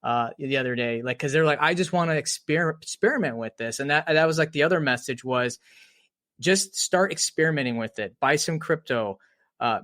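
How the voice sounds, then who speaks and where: A man's voice: a little high, fairly bright tone, dry recording, clean studio sound. A man co-hosting a podcast, talking earnestly in casual chat and often restarting his sentences. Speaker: podcast co-host.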